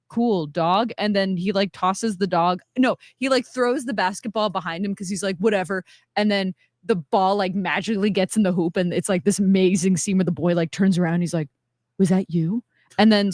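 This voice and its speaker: Podcast co-host, female, mid-pitched voice, dry close sound, lively storytelling. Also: dry recording. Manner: animated storytelling. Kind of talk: casual chat.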